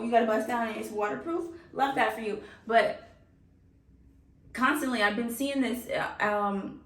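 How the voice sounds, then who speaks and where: A woman hosting a music reaction video, chatting casually and laughing often as she talks straight to her viewers. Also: a little high. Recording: roomy sound from a distance off the mic.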